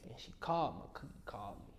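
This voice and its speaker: A man's voice: on the low side, big pitch swings, fast talker, slight background noise. A young man telling an emotional story in a casual interview in a studio, slangy and often saying "you know what I'm saying". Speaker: interview guest.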